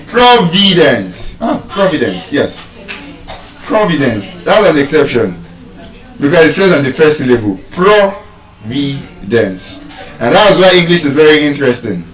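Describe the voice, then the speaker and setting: Nigerian teacher drilling word stress. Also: male voice, a little high, animated, fairly bright tone. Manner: drawn-out repeated words. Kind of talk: live pronunciation lesson. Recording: echoey room, far from mic.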